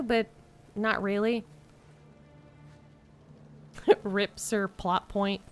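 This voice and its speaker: A woman's voice: mid-range voice, fairly even intonation, extremely slow, soft background music. Chatty woman streamer reading game lines. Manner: reads game dialogue aloud, giggly and chatty. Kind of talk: casual game commentary.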